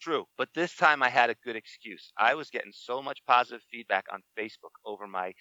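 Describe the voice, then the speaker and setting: A man's voice: medium pitch, animated, a little fast, pushed and bright, no room sound, highs cut off. A middle-aged man chatting as a podcast co-host, telling stories about himself in a wry, self-deprecating way. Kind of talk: casual chat.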